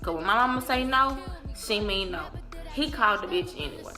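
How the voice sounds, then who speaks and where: Bright-voiced young woman telling a story. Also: medium pitch, brisk, soft background music. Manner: animated, slangy, swearing storyteller. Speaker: vlogger. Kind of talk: casual storytime vlog.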